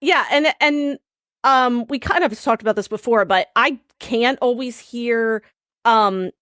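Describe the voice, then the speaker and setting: A woman co-hosting a podcast, talking in a relaxed, chatty way with frequent laughter. Her voice sits fairly high and sounds dry and close. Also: measured pace, no room sound. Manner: chatty, laughs often, trails off and restarts. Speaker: podcast co-host. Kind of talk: casual chat.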